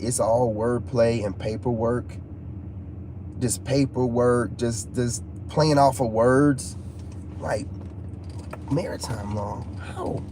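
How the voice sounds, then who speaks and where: A man talking to his viewers in a casual, rambling monologue, restless and animated, often repeating himself. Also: medium pitch, noisy background. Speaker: YouTuber.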